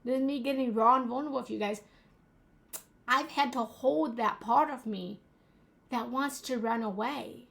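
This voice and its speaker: A woman's voice: fairly high pitch, moderate pace, vocal fry. A young adult woman giving a motivational talk as a relationship coach, earnest and emphatic, repeating key phrases.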